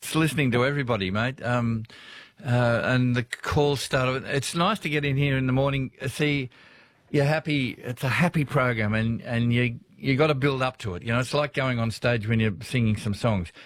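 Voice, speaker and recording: A man's voice: mid-range voice, normal speed, no echo. Australian male talkback host, rambling, laughs a lot, dead-dry studio voice. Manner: chatty, laughing, rambling anecdotes. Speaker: radio host. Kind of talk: casual talkback radio chat.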